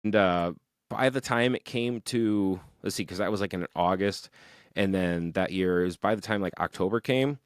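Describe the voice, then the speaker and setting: A young man, a musician guest on a podcast, telling rambling, animated stories about his band with plenty of swearing. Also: sits low, normal speed, clean tone, dry recording, clean studio sound. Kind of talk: casual podcast interview.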